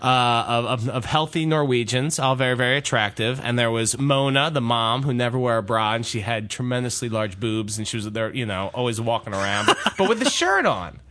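A man's voice: mid-range voice, animated, a little fast, hardly any pauses, a bit bright. A middle-aged man telling a comic story in casual talk, jokey and self-deprecating, often laughing. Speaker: podcast co-host.

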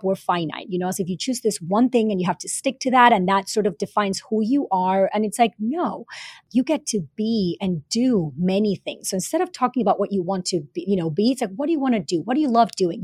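A woman's voice: mid-range voice, fairly quick, a little mellow, slightly rough, no echo, studio quality. A woman, a former teacher and author, talking earnestly as a podcast guest, with many fillers and repeated words. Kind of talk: casual interview talk.

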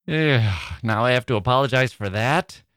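Playful, slow-talking male podcast host. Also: fairly low pitch, expressive, a bit bright, no echo, clean studio sound. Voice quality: squirrel-like voice. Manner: playful and theatrical, often laughing at himself. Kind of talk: playful literary podcast chat.

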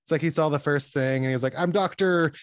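A young man chatting casually about a movie, animated and quick to mimic characters. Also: mid-range voice, dry recording, studio quality.

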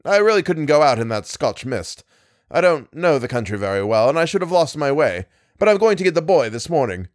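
Airy, secretive old professor for a storybook, brisk and lively in his tune, read by a man. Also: a little high, no room sound, clean studio sound.

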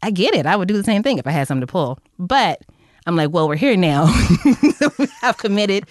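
A young woman telling a story in casual chat, animated and profane, acting out her own lines in a high voice. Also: normal speed, no room sound, clean studio sound.

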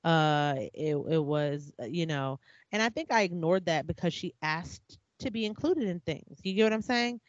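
A woman's voice: low-pitched, expressive, moderate pace, dry recording. Candid, reflective woman in casual talk. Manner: candid, reflective, talks with restarts and "like". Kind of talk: casual conversation. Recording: slightly dull dry sound.

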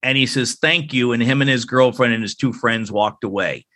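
A man, a guest author on a faith podcast, telling a personal story in an earnest, animated way and acting out what people said. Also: medium pitch, brisk. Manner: earnest, animated, acts out quoted speech.

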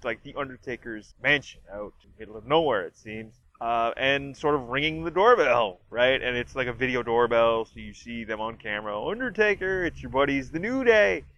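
A man's voice: medium pitch, bright, forceful tone. A man casually reviewing a trailer as a wrestling fan, talking loosely with lots of filler words. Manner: rambling, heavy use of fillers like "like" and "you know". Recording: dull lo-fi sound.

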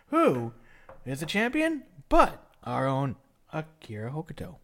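A man's voice: fairly high pitch, huge pitch swings, unhurried, fairly bright tone. A man hosting a casual podcast chat, rambling through a recap with laughs and restarts. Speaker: podcast host recapping wrestling.

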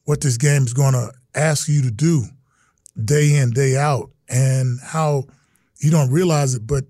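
A middle-aged former pro football player tells earnest stories in a casual interview, acting out the voices of the people he quotes. His voice is medium-pitched, mellow and steady, with a slightly slow pace. The recording is studio quality with no echo.

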